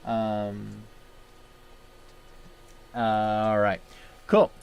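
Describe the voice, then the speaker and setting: A man hosting a casual livestream, talking in a subdued, halting way with many fillers while feeling sad. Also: lowish voice, level tone, darkish tone, a little hiss or hum. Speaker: livestream host.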